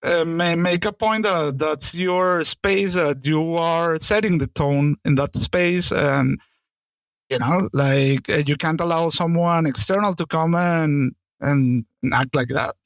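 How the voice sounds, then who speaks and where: Slowly and in a slightly high voice, a podcast co-host recounts a kitchen story in a loose chat. He swears without restraint and occasionally stalls mid-sentence hunting for a word, all captured in a dry recording.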